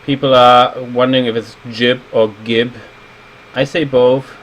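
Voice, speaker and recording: A man's voice: medium pitch, level tone, measured pace, fairly bright tone, low-quality recording. A man in his thirties streaming as a level designer, chatting casually and rambling while he reads viewer comments aloud. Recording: faint air-conditioning hum.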